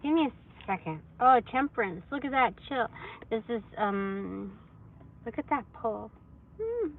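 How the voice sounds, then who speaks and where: A woman's voice: fairly high pitch, very animated, unhurried, phone-quality sound. A woman reading tarot cards on a casual phone livestream, rambling and chatty with lots of fillers, in a hot room. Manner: chatty, rambling, filler-heavy, laughs often.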